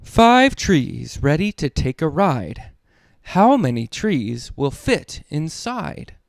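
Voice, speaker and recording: Man, dad reading kids' books, playful sing-song read-aloud, slow and lively, dry close sound. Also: a little high, creaky, dry recording. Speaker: children's book reader. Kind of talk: read-aloud storytelling for kids.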